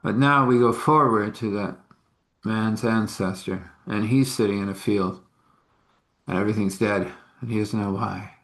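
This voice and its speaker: A man's voice: lowish voice, normal speed, fairly bright tone. A man telling a story in a casual, folksy way with chuckling asides.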